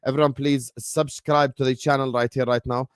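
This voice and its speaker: A man hosting a casual football chat stream, shouting out viewers and hyping up the chat. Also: medium pitch, little pitch movement, brisk, dry recording, studio quality. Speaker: stream host.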